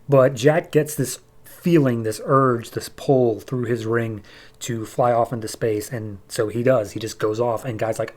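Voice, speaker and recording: A man of middling pitch, chatting his way through a comic book recap in a loose, filler-heavy way. He moves fast from one beat to the next as a podcast host. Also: fairly even intonation, a little mellow.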